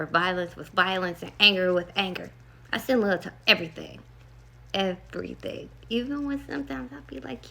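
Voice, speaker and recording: A woman's voice: medium pitch, creaky, pushed and bright. A woman vlogger telling a rambling, earnest story about meditation and love, full of "like" and asides. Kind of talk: casual storytelling to camera.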